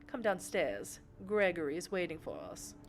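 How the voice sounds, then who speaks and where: A woman voicing a poised vampire patroness in a put-on Southern US accent, speaking in a measured, instructive way. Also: lowish voice, very animated.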